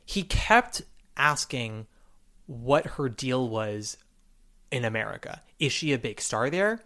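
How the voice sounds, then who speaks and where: Male podcast host, mid-range voice, chatty and animated. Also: mid-range voice. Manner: animated, quick retellings with acted-out quotes. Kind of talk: casual chat.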